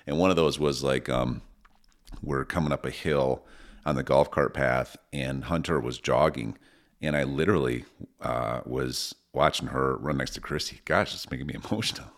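A man's voice: rumbling low, steady tone, moderate pace. A middle-aged man co-hosting a parenting podcast, talking in a rambling, earnest way and getting emotional about family moments. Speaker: podcast co-host, father of six. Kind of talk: casual conversation.

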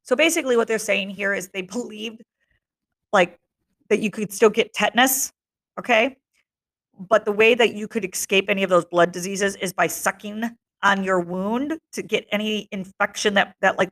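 A woman's voice: mid-range voice, fairly bright tone. A young woman teacher reading a novel aloud to her class, breaking off to explain in a casual tone and checking in with her listeners.

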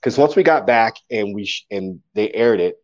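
A man, a poet, telling stories casually in an interview, animated and acting out quotes. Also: fairly low pitch, moderate pace, lo-fi sound.

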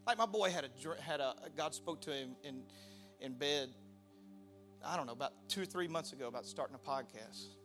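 A middle-aged man preaching a sermon, an animated storyteller who laughs and shouts out the lines he quotes. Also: mid-range voice, moderate pace, faint music behind. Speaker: pastor.

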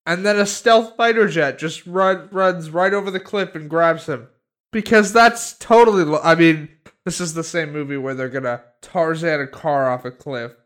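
Man, casual podcast chat, rambling, fillers, restarts, smooth clear voice. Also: fairly high pitch, normal speed, fairly bright tone. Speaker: podcast co-host.

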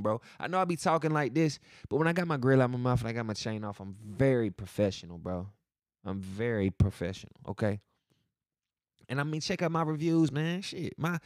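A man talks in a loose, profane rant full of slang. His voice sits at an ordinary middle pitch, and he hits his points hard. The recording is dry and close. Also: a little mellow, no room sound. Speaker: real estate agent and podcast host. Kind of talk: casual podcast rant.

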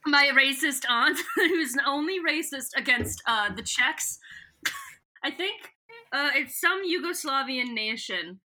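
A woman's voice: high-pitched, slow pace. A woman co-hosting a podcast, casually recapping a story and laughing often. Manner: giggly, animated storyteller. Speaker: podcast co-host.

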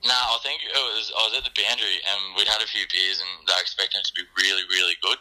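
A man with an Australian accent telling a joke in a relaxed, casual chat. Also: fairly low pitch, quick pace, over a noisy crowd, poor audio. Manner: laid-back, storytelling. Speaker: guest joke teller.

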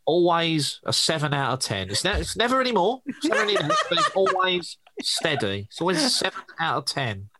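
A man's voice: on the high side, wildly swooping pitch, very noisy, pitched above the performer's own voice. A man pinching his nose to imitate his co-host in a nasal, emphatic voice. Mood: mock-serious. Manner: slow, emphatic, repeating himself.

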